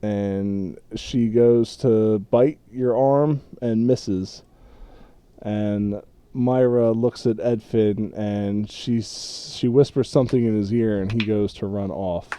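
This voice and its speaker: A man runs a tabletop game, narrating loosely with stops and restarts. His voice is mid-pitched and easygoing. The sound is dry and close, with no room echo. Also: steady tone, warm tone, smooth. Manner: loose, laughing, halting narration. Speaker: game master.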